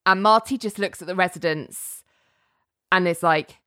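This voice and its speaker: Woman recapping a show, bright voice, dry close sound, laughs a lot. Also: fairly low pitch, moderate pace, no room sound. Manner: chatty, laughs often, lots of fillers. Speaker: podcast co-host recapping a TV episode. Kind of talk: casual chat.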